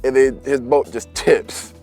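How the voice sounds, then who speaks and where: A man's voice: medium pitch, darkish tone. A young man telling a story in casual, slangy chat and laughing as he goes.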